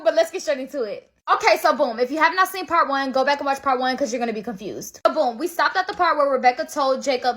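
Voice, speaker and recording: A woman tells Bible stories in a loose, slangy, animated way. Her voice is high and bright, with plenty of sparkle. She chats as if talking to friends. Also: fast talker, hardly any pauses. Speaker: host. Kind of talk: casual Bible storytelling.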